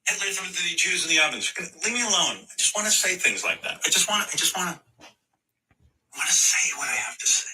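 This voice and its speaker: A man's voice: sits high, animated, fast, bright, forceful tone, distant mic, voice pushed up, full character voice, low-quality recording. A man doing a mocking, exaggerated impression of a petulant young man, heard from a clip played back. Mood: whiny.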